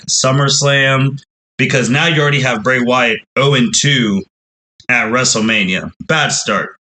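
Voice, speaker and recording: A man's voice: mid-range voice, sharp tone, rough recording. A man hosting a wrestling podcast, recapping in a casual, storytelling way and acting out the fans' reactions as quotes.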